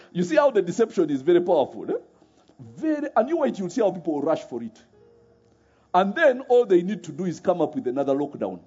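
A man's voice: high-pitched, sing-song, brisk, dark tone, husky. A man preaching a sermon, often laughing and firing rhetorical questions at his audience. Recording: muffled recording with faint music.

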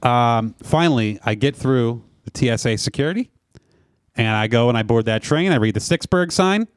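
Guy cohost telling a story, swears a lot, dry close sound, middle pitch. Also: moderate pace, clean tone, no echo. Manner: animated storytelling, profane. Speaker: podcast co-host. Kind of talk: casual chat.

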